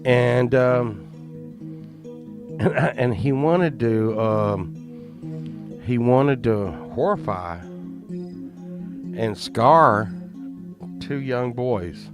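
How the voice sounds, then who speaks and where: A man's voice: medium pitch, expressive, extremely slow, pauses often. A man telling a story in a rambling, profane way, often laughing at his own tale. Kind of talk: casual storytelling. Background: plucked guitar music.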